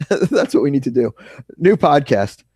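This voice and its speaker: A man with a New York accent co-hosting a podcast, telling animated stories with some swearing. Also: fairly high pitch, unhurried, breathy edge. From New York suburbs. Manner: animated storyteller, ranting and swearing. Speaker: podcast co-host. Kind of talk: casual chat.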